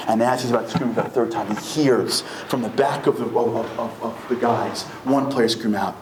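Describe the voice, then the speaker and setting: A man's voice: steady tone, brisk, hardly any pauses, background noise. A man tells a story to a live audience in a reverberant synagogue hall, and the room echoes back around him. His voice sits in a middle register and climbs sharply when he presses a point. A faint murmur of the room stays underneath. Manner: dramatic storyteller who climbs to high, emphatic peaks. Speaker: motivational speaker.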